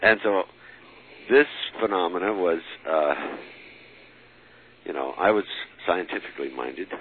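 A man telling a personal story as an interviewee, halting with many fillers and restarts and chuckling as he goes. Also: sits low, lively intonation. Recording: lo-fi phone-like recording with faint hiss.

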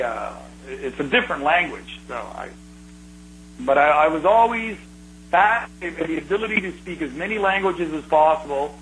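Man, middle-aged, casual chat, bright tone, lots of restarts, slight noise behind. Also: on the high side, poor audio. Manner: rambling, restarts, animated storytelling. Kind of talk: casual reminiscing conversation.

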